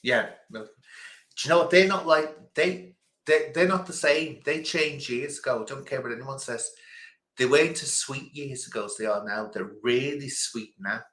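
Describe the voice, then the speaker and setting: A man's voice: mid-range voice, normal speed, fairly bright tone, roomy sound. A man hosting a casual quiz stream, chatting and rambling between questions. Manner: chatty, rambling, chuckling asides. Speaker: quiz host.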